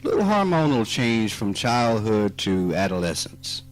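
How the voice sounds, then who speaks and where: A man with a Southern US accent giving a spiritual talk, slow and emphatic, teasing his listeners and rising into animated outbursts. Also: on the low side. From Mississippi. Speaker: spiritual teacher. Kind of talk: spoken dharma talk. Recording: archive talk recording with faint music.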